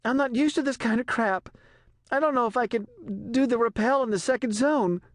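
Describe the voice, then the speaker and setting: A woman's voice: on the high side, fairly quick, no room sound, clean studio sound, voice pushed up, close to an everyday voice. A male narrator voicing a miserable, airsick young woman who complains in a whiny, nauseous way. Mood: queasy, fearful.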